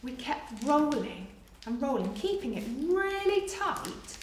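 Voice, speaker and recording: Lively, slow-talking teacher woman, echoey room. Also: high voice, slight background noise. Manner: slow, exaggerated dictation with big praise. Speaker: primary school teacher. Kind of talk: remote lesson for young children.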